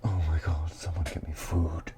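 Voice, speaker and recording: A man's voice: low voice, a little slow, gravelly, loud music behind the voice. A man doing whispered ASMR outtakes on a close microphone, self-deprecating and giggly, slipping between whispers and normal speech. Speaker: ASMR storyteller.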